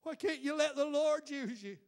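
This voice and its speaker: A man's voice: very high-pitched, normal speed, creaky. A man, a pastor delivering a fervent sermon in a church full of listeners, built on rhetorical questions. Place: church building before a congregation.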